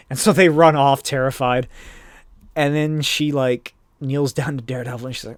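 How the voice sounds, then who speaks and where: A man's voice: medium pitch, steady tone, moderate pace, clean tone, no room sound. Man, podcast host, casual rambling recap, profane, dry close sound. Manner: rambling, profane, chatty with laughs.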